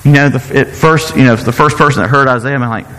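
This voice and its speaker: A man's voice: mid-range voice, sharp tone. Earnest male preacher in a reverberant hall. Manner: earnest, halting, repeats words while searching for them. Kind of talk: sermon.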